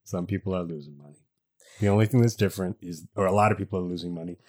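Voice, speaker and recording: A man's voice: low voice, fairly even intonation, racing, a little mellow. A man co-hosting a casual chat, teasing his partner with a wry manner and ready laughter. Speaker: podcast co-host.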